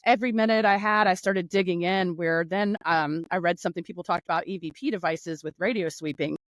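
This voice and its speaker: A woman from North Carolina, speaking as a guest in a casual interview over a video call, telling a long story with laughs and quick restarts. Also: fairly low pitch, dry recording, poor audio. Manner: animated, laughing, rambling storytelling.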